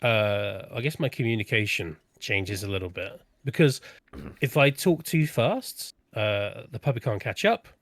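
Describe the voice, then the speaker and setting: A man's voice: fairly low pitch, lively intonation, a little slow, a bit bright, dry recording. A man as a guest in a casual chat, talking hesitantly with many restarts. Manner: hesitant, lots of restarts and fillers. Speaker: guest streamer.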